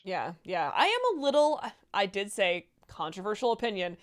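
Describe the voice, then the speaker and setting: A woman's voice: mid-range voice, big pitch swings. A woman co-hosting a casual livestream, reading viewer messages aloud and chatting with a laugh. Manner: reads donor messages aloud with quick laughs.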